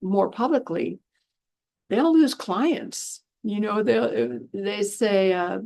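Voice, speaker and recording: A woman in a casual spoken monologue, middle-pitched with a gravelly, creaky edge to her voice. She tells stories in an unguarded, exasperated way and acts out the people she quotes. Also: expressive, takes it slowly, a little mellow. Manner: chatty storyteller acting out quotes in changed voices; frank, exasperated asides. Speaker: animal communicator and spiritual healer. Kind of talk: casual talking-to-camera monologue.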